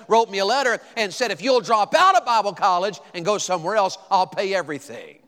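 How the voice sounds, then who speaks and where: Folksy preacher in a reverberant hall. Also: male voice, a little high, fairly bright tone. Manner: folksy storytelling, rising to emphatic preaching with audience questions. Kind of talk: sermon.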